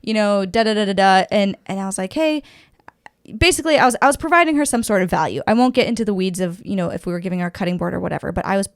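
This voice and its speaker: A woman's voice: mid-range voice, rapid-fire, vocal fry, hardly any pauses. A woman co-hosting a podcast, telling stories in casual chat and acting out the people she quotes. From Houston, Texas. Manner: animated storytelling, acts out quoted voices. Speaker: podcast co-host.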